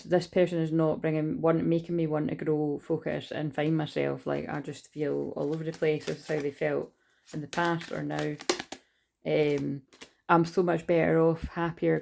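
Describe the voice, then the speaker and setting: A woman's voice: deep voice, creaky, mellow, a little hiss or hum. A woman giving a casual, rambling tarot reading, listing card meanings and swearing freely. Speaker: tarot reader.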